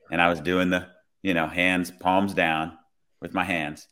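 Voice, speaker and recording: A man, a police officer, telling a work story in a relaxed, conversational way. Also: sits low, unhurried. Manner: relaxed, conversational, many "I was like" retellings. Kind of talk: casual storytelling.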